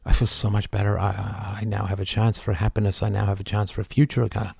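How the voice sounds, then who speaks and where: A middle-aged man hosting a live show, talking passionately and swinging from soft asides to loud, emphatic outbursts. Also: fairly low pitch, little pitch movement, fast talker, gravelly, husky, no room sound, studio quality. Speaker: show host. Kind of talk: impassioned live-stream monologue.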